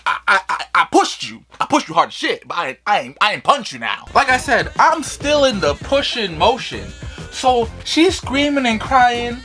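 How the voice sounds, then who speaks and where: A man telling a funny childhood story in a casual, animated vlog style, swearing freely. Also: very high voice, normal speed, faint music behind. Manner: animated, swearing, lots of fillers. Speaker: vlogger.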